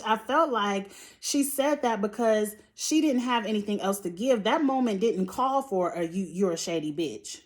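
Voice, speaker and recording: Blunt, foul-mouthed woman ranting. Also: fairly high pitch. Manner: blunt, profane, exasperated ranting; sighs and laughs between points. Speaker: TV show reviewer. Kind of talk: reality show recap commentary.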